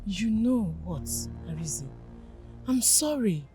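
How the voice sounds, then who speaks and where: A Nigerian-accented actress playing a remorseful woman who pleads softly and apologizes, in a film drama. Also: mid-range voice, animated, takes it slowly, music in the background. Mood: pleading. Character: remorseful woman seeking peace with ex.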